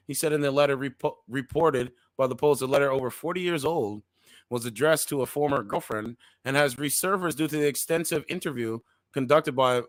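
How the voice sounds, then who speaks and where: A man's voice: medium pitch, fairly bright tone, dry recording. A man hosting a casual commentary channel, reading news articles aloud with slangy asides, stumbling over words and repeating defensive disclaimers.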